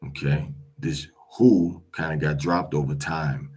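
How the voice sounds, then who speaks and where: A man's voice: a bass voice, fairly even intonation, a little mellow, slightly rough, rough recording. A man teaching Hebrew pronunciation in a casual spoken lesson, repeating each word aloud several times. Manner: slow and repetitive, drilling each word aloud with fillers.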